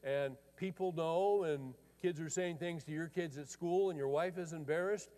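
A middle-aged man preaching as a pastor tells a story conversationally, voicing both sides of a dialogue. His voice is fairly high and dark-toned at normal speed, with the long reverb of a large hall around it.

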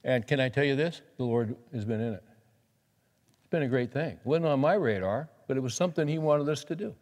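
Speaking fairly quickly in a slightly mellow, medium-pitched voice, this pastor preaches conversationally. Scripture readings mix with plain talk to the congregation, all recorded in a reverberant hall.

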